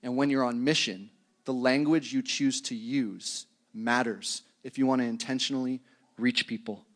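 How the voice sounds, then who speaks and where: A man's voice: medium pitch, fairly even intonation, normal speed. Conversational pastor, a man preaching. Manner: conversational and self-deprecating, chuckles at his own tangents. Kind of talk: sermon.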